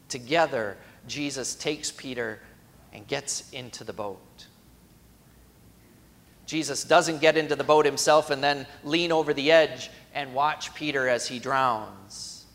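A male pastor preaching a sermon, swinging between emphatic raised cries and quiet, hushed lines, and acting out imagined quotes in a chatty voice. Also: medium pitch, unhurried, long reverb tail.

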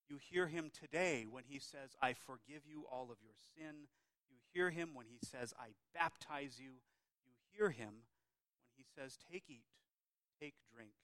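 A man preaching a sermon, rising to strong emphasis and then dropping to soft, trailing phrase endings. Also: fairly high pitch, no echo. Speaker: pastor.

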